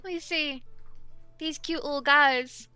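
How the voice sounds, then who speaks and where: A woman's voice: high voice, steady tone, a little slow, bright, forceful tone, no echo, soft background music, pitched above the performer's own voice. A woman playing an earnest, worn-out young shopkeeper. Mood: persuasive. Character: young man, anxious and overworked shop owner.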